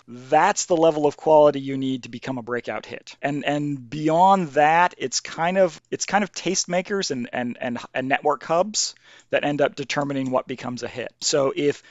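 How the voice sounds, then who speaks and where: A man's voice: on the high side, moderate pace, no room sound. A man, a game developer guest, talking thoughtfully in a casual podcast conversation and often restarting his sentences. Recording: dull lo-fi dry sound.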